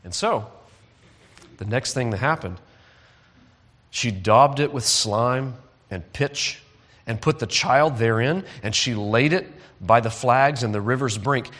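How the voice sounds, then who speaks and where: A man telling a Bible story to children in a church hall, lively, asking the audience to call out and join in. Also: mid-range voice, takes it slowly, pauses often. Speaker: children's preacher.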